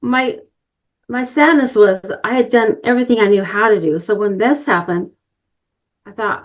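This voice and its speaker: A woman's voice: fairly high pitch, normal speed. A middle-aged woman giving an inspirational talk, telling a personal story earnestly and addressing the listeners directly. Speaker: summit speaker.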